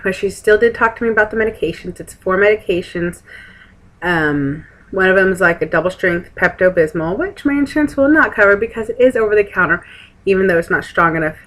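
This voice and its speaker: A young vlogger from Texas chats frankly to camera at a friend's house, rambling casually and dropping sarcastic asides. Her voice is mid-range and fairly bright, fairly quick with lively intonation, and the recording is rough.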